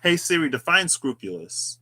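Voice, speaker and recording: A tarot reader hosting his channel muses aloud during a reading video in a casual, rambling reflective monologue with chatty asides. His fairly high voice is very animated, pushed and bright at normal speed, with slight background noise.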